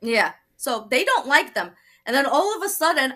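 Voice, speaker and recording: A young woman from Brooklyn, telling her conversion story as a guest, animated and laughing often. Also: high-pitched, moderate pace. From Brooklyn, New York. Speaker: guest sharing testimony. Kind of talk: personal testimony in a talk show.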